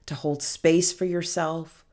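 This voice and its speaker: A woman giving a heartfelt self-help talk as a healing coach, speaking gently and soothingly and calling the listener honey. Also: sits low, steady tone, takes it slowly. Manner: affectionate, calls listener honey and girl.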